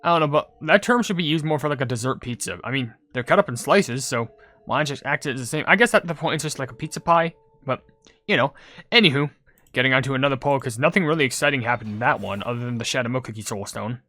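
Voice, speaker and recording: A man doing casual gaming commentary, rambling with lots of "like" and "you know", turning loud and excited over game pulls. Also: medium pitch, fast. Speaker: gaming YouTuber.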